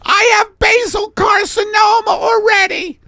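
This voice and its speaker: Man playing shrieking panicked woman, very high whiny falsetto, loud. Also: level tone, unhurried, no echo, exaggerated voice. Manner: shrill shouting, whiny.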